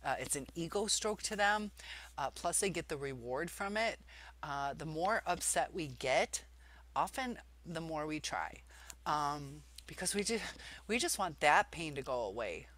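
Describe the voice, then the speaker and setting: A woman's voice: low-pitched, animated, measured pace, a bit bright. A woman vlogger talking casually about relationships, rambling with many fillers and restarts. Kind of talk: casual advice talk.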